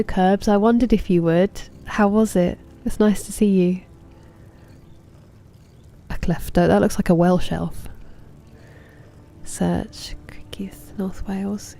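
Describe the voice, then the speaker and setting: A woman in her thirties, a game streamer, chatting casually while she plays, answering chat and muttering softly to herself. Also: medium pitch. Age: 30s.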